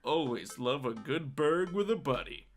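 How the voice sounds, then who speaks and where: A man's voice: fairly high pitch, lively intonation, unhurried, soft background music. A man voicing a friendly, upbeat dad neighbor while reading his text message aloud. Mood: cheery.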